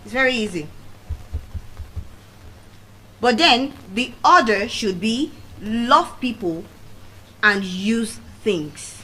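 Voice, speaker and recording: Animated Nigerian woman giving a motivational speech. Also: takes it slowly, rough recording. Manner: animated storytelling with dramatic swings in pitch and volume. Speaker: public speaker. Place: venue of a public speaking event.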